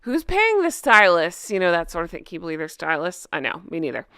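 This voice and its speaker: Lively sarcastic woman vlog host. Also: on the low side, a little fast, smooth, dry recording, clean studio sound. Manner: sarcastic, emphatic ranting. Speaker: channel host. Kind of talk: gossip commentary vlog.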